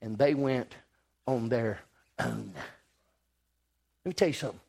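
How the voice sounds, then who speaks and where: A male preacher, telling a folksy sermon story that jumps from quiet to loud. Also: medium pitch, slow pace, creaky.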